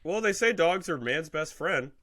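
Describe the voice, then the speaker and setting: A man co-hosting a comedy podcast, crude and quick to laugh. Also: fairly high pitch, animated, sharp tone, no echo, clean studio sound. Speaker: podcast co-host. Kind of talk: casual comedic chat.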